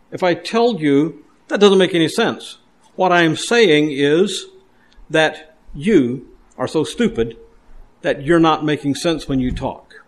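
Earnest preacher, man, slightly high. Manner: earnest preaching with repeated words and restarts. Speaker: pastor. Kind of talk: sermon.

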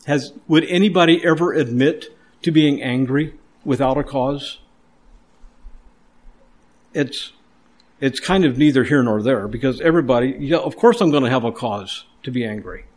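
A man's voice: medium pitch, a little mellow. A man preaching a sermon with earnest emphasis, often repeating words and restarting his phrases. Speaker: pastor.

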